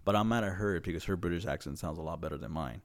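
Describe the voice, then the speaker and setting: A man's voice: low voice, racing. A young man co-hosting a podcast, telling rambling, profane stories in casual chat. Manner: rambling, profane storytelling with quoted voices. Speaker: podcast co-host.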